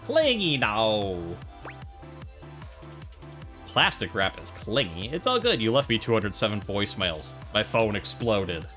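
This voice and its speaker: A man's voice: lowish voice, very animated, a little slow, long pauses, bright, forceful tone. A man doing playful, joking let's-play commentary, bantering with game characters. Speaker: gameplay commentator. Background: faint game music.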